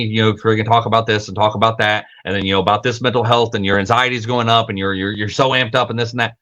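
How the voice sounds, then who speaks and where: A man's voice: lowish voice, fast talker, a bit bright, lo-fi sound. A young man hosting a casual livestream, rambling and self-correcting, swearing freely, with lots of filler words. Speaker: podcast host.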